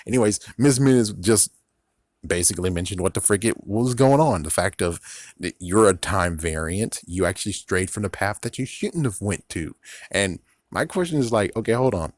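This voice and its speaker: A low-pitched man rambles through a casual review, swearing freely and laughing at his own jokes. The sound is dry, with no room echo. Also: moderate pace. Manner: rambling, profane, laughs often. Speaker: YouTube reviewer.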